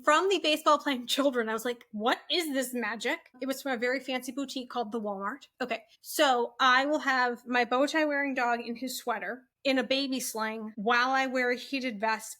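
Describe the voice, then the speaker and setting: A woman in her forties, a podcast guest chatting casually, animated and self-mocking, laughing often. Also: sits high, fairly quick, few pauses. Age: 40s. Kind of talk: casual interview chat.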